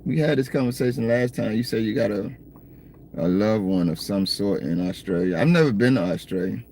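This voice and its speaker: A man's voice: lowish voice, fairly quick, a little mellow, slight background noise. A man with a Southern American accent, sitting in his parked car and chatting casually with viewers on a livestream, joking and reading their comments. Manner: laid-back, joking, talks straight to viewers. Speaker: livestream host.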